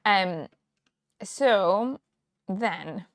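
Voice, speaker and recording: A Kansas City-area woman in her forties, a scrapbooking teacher and livestream host, scrapbooks live while chatting casually and telling rambling stories, laughing often. Her mid-range voice is expressive and extremely slow, recorded with studio quality and no room sound.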